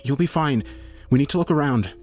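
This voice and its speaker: A man narrating a horror story, putting on the voice of a nervous, spirited young red-haired woman who speaks quickly and urgently. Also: darkish tone, faint music behind, natural voice. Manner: quick, urgent and higher-pitched.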